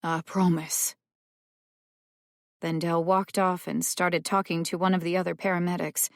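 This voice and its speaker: A woman narrating a suspense audiobook in a measured, tense storytelling manner, close to the mic. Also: on the low side, flat delivery, gravelly, dry recording. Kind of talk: scripted narration.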